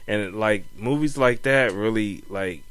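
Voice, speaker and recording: Bright-voiced young man, slangy and laid-back. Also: lowish voice, unhurried, smooth, no echo. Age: young adult. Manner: laid-back slangy storytelling, says "man" and "you know what I'm saying" often. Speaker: podcast co-host. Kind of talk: casual chat.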